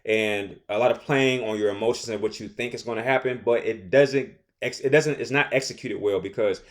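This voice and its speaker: A young man casually recapping a TV episode, rambling and animated, often acting out characters' lines. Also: on the low side, brisk. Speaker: show recap host.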